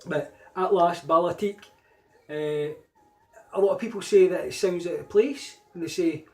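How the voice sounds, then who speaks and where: A man's voice: high-pitched, normal speed, faint music behind, rough recording. Chatty Scottish man vlogging. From Scotland. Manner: chatty, rambling, frequent fillers and restarts. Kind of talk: casual solo vlog talk.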